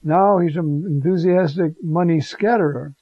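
A man's voice: a little high, normal speed, slightly rough, no room sound. A man preaching a conversational homily, animatedly acting out the scene he tells. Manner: animated, acts out the Gospel scene in voices. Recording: dull, lo-fi recording.

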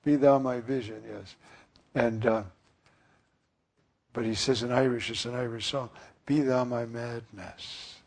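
Male priest preaching slowly; gravelly, husky tone, earnest and musing. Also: mid-range voice, steady tone. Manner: earnest, musing, with frequent fillers. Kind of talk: sermon.

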